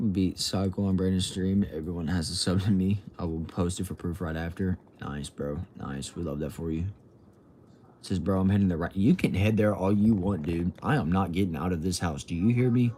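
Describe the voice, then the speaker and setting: A young man at home reads livestream comments in a laid-back drawl, tossing in "bro" and "y'all." His voice is low, warm, and moderately paced. There's slight background noise, including a faint TV in another room.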